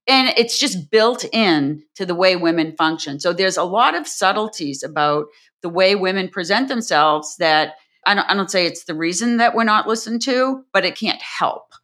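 A woman's voice: lowish voice, animated, moderate pace, hardly any pauses, fairly bright tone. A woman scientist telling anecdotes in a chatty, conversational interview. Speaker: senior scientist.

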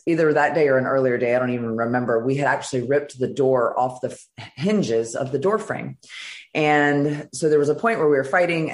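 A middle-aged woman from Virginia, a guest telling her personal story in an interview, earnest and halting with many fillers. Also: very deep voice. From Virginia, United States.

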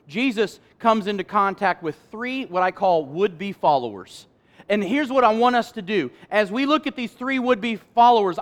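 With a high voice, a man preaching as pastor cracks jokes with the congregation, shifting back and forth between loud emphasis and quiet remarks.

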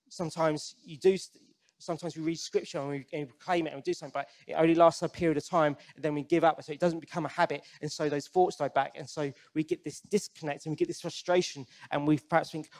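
This man's voice sits fairly high and has a slightly mellow quality. He preaches in an earnest, conversational way, frequently restarting sentences and putting direct questions to the congregation.

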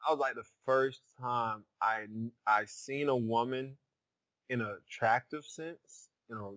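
Halting young man recalling a romance. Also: medium pitch, a bit bright, no echo. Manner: halting, lots of fillers and restarts, "you know what I'm saying". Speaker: podcast co-host. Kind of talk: casual storytelling chat.

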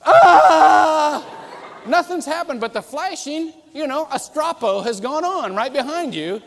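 Male pastor, high and very expressive, jokey storytelling sermon, echoing sanctuary. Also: moderate pace. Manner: animated and humorous, acting out quoted voices. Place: church sanctuary. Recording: reverberant church hall.

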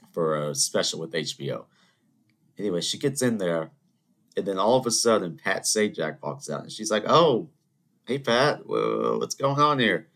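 A man hosting a solo podcast, telling rambling anecdotes in an animated, conversational way. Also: low voice. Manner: animated storytelling, rambling asides, mock voices. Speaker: podcast host. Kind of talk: solo ranting monologue.

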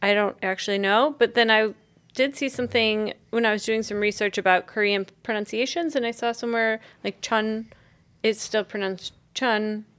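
Slightly high and fairly bright, her voice holds a steady tone at normal speed. She co-hosts a podcast, telling a story she researched in a loose, chatty style with many fillers.

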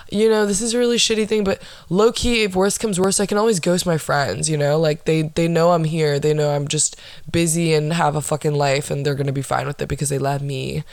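A woman's voice: low voice, no echo. A young woman hosting her own podcast, rambling in a dry, sarcastic, profane way. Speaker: podcast host. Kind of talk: casual solo podcast chat.

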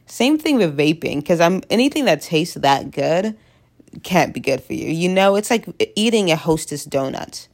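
Low gravelly-voiced young woman with a head cold. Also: sing-song, moderate pace. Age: young adult. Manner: rambling, self-deprecating, jokey. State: stuffy head cold, sniffling. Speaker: vlogger. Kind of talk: casual confessional chat.

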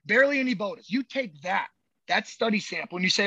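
A man with a high, sharp, forceful voice speaks in a casual podcast chat. He is emphatic and swears freely, stumbling over repeated words as he pushes his point. The sound is dry and a little dull, with a lo-fi edge. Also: expressive, fast talker, breathy edge, no room sound. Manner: emphatic, profane, repeats words when fired up. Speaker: movement coach.

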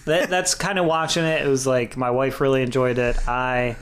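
A man's voice: medium pitch, steady tone, normal speed, fairly bright tone, slight background noise. A man co-hosting a podcast, talking casually and hesitantly with frequent restarts and chuckles. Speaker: podcast co-host. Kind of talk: casual chat.

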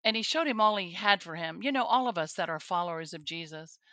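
A woman's voice: lowish voice, animated, fast, pushed and bright, dry recording. A woman, a guest on a faith show, telling her own story earnestly, with restarts and the odd laugh. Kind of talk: personal testimony interview.

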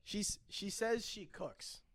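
A man co-hosting a podcast, joking crudely and breaking into loud bursts. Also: high-pitched, slow, dry recording. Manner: joking, loud bursts, puts on mock voices. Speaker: podcast co-host. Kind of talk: crude casual banter.

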